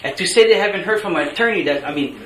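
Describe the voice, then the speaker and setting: A man's voice: sits high, expressive, rapid-fire, sharp tone. A man with a Hawaiian Pidgin-tinged accent giving angry, blunt public testimony at a meeting, pleading to be heard. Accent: Hawaiian Pidgin-tinged English. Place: large meeting room. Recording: echoey meeting room, faint hiss.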